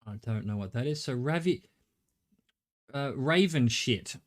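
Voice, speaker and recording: A man's voice: mid-range voice, lively intonation, measured pace. Middle-aged Australian man streaming a game. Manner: rambling, thinking aloud, swears casually. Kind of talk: live gameplay commentary.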